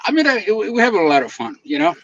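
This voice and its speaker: A guest videographer tells stories in casual chat, talking fast in a high-sitting voice, acting out the people he quotes and laughing often. The recording is dry, dull, and lo-fi.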